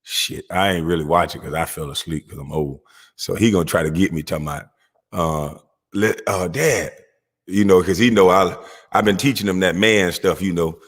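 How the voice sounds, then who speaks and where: A middle-aged man telling a comic story about his family, profane and animated, laughing often. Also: low voice, normal speed. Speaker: vlogger. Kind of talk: comedic storytelling monologue. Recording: long echoey reverb.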